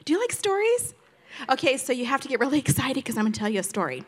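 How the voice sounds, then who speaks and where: Animated high-voiced grandmother telling stories. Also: fast talker. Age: older. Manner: animated, laughing, does high childlike voices in quotes. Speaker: storyteller grandmother. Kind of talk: casual storytelling to an audience.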